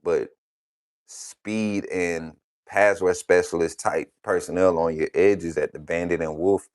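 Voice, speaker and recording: Host: young guy, low deep voice, casual live-stream talker, loose and rambling. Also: steady tone, unhurried, a little mellow, no echo, studio quality. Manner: loose and conversational, with many fillers and restarts. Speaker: host of a college football channel.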